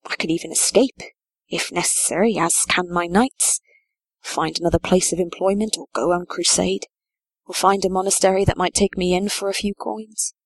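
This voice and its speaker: Woman reading as a worn-out medieval sheriff, storybook villain, quiet and grave, lowish voice, dry close sound. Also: fairly even intonation, normal speed, dry recording. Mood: grim. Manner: tired, quiet, heavy-hearted. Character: weary grim medieval sheriff, man, middle-aged.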